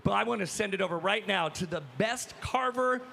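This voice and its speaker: A man working as a roving hype host on a crowded convention floor, energetic and calling out to fans. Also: sits high, brisk, vocal fry, a little hiss or hum. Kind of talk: live event hosting.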